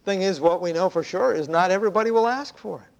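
A man preaching a sermon, telling a parable conversationally with hushed asides. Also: sits high, fast, vocal fry. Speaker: pastor.

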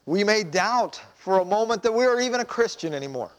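High-voiced man preaching a sermon. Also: expressive, brisk. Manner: conversational preaching with rhetorical questions. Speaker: pastor.

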